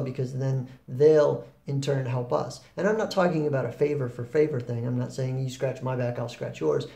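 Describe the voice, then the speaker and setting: Guy talking through ideas, gravelly mellow voice, kinda echoey room, lots of ums. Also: medium pitch. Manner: relaxed, rambling, with fillers and restarts. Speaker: spiritual talk host. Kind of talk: reflective spoken talk.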